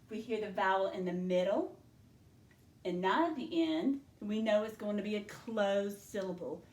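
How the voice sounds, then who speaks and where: A woman teaching a spelling lesson to young learners, sounding out each letter and syllable slowly and patiently. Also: mid-range voice, darkish tone, reverberant.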